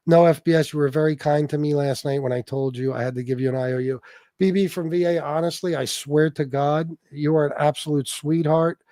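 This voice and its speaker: A man running a live stream in a loose, chatty way. He is blunt and swears a lot, and his voice sits a little high for a man. The sound is close and dry, with no room echo. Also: fairly even intonation, brisk, mellow. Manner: blunt and profane, reading out viewer names. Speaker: livestream host. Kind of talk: casual livestream chat.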